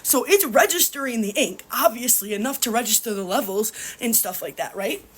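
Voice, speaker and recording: A woman's voice: a little high, lively intonation, fairly quick, slightly rough. A young woman ranting furiously while crying, swearing heavily and repeating herself. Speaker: printer owner venting on video. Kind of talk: angry crying rant.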